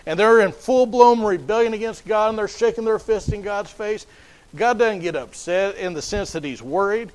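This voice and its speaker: Man, high voice, sermon, emphatic, repeats and restarts phrases. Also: animated, moderate pace, rough recording. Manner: emphatic and repetitive, with frequent restarts. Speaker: preacher.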